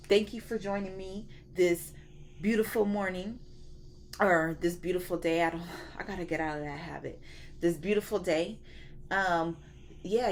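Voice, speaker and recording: Low-voiced, profane woman reading tarot. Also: a little hiss or hum. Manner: preachy, profane, slangy. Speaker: tarot reader. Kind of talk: casual spiritual tarot reading.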